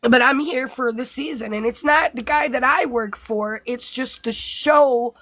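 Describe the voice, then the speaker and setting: A woman's voice: sits high, a little slow, fairly bright tone, low-quality recording. A woman hosting a casual spiritual group chat, talking earnestly and rambling with many restarts. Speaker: spiritual class host.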